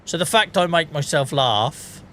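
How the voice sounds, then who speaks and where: With lively intonation but a measured pace, a British gaming streamer chats casually, rants, and laughs at his own jokes. His voice is a little high with a sharp tone, and slight background noise is audible.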